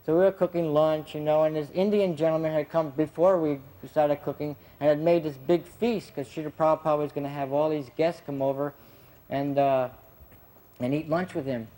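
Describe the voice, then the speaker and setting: A man's voice: a little high, fairly even intonation, normal speed, dark tone, low-quality recording. A man with a slightly raised voice tells old memories in an easy, rambling way. He laughs often and leans on fillers as he goes. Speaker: devotee recalling his time as a gardener. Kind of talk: casual anecdotal storytelling.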